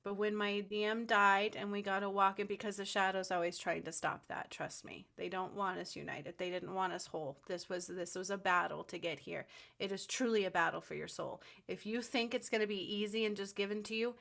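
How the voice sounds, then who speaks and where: A woman's voice: mid-range voice, steady tone, brisk, vocal fry, fairly bright tone. Fervent woman preaching a spiritual message. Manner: fervent, rambling, with frequent ums and restarts. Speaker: spiritual channel host. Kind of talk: spiritual monologue to camera.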